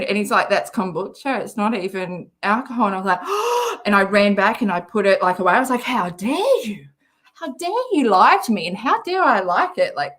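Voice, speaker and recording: A woman's voice: on the high side, fairly bright tone. A woman with an Australian accent chatting casually on a livestream, reading out viewer comments between giggly, rambling asides. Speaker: livestream host reading chat.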